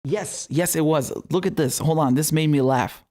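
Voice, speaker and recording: A man's voice: a little high, moderate pace, darkish tone. A young man hosting a political commentary show, talking casually with heated, profane, sarcastic outbursts and laughing asides.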